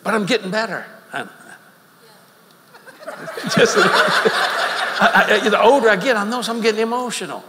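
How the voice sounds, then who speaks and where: A man's voice: high voice, expressive, unhurried, long pauses, very noisy. An older man with a Louisiana accent preaching a sermon through folksy, joking stories, recorded in a large meeting hall. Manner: folksy, joking, drawling storyteller. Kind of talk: humorous sermon storytelling. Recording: reverberant hall with faint ambience.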